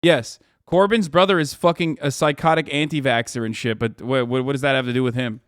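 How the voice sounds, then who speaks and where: A man's voice: medium pitch, steady tone, a little fast, clean tone, no room sound, clean studio sound. A man hosting a live stream who reacts to news clips with heated, profane ranting and reads items aloud.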